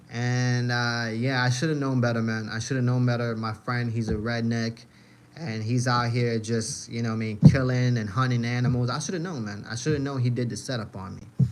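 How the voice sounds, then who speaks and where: A young man chatting on a livestream in a middle-pitched voice, rambling through stories with slang and swearing. His talk is loose and unscripted, and a faint hiss sits under the recording. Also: steady tone, moderate pace. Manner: loose storytelling, answering chat, slangy and profane. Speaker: livestream host. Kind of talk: casual livestream chat.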